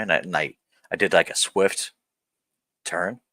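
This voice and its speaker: Blunt, profane man with a deep voice. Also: moderate pace, bright, forceful tone, dry recording. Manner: blunt and profane, rambling with restarts. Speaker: vlogger. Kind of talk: candid personal vlog rant.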